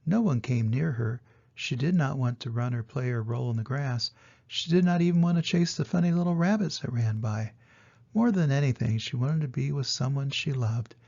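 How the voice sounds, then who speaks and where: An older man reading a children's story aloud, gentle and expressive. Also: medium pitch, moderate pace, vocal fry. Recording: dull lo-fi recording.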